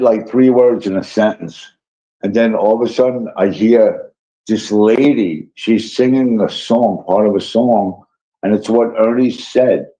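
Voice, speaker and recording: A man hosting a live stream, telling a rambling, profane story with excitable asides while drowsy and yawning. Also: lowish voice, muffled recording. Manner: profane, excitable, tangent-prone. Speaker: livestream host.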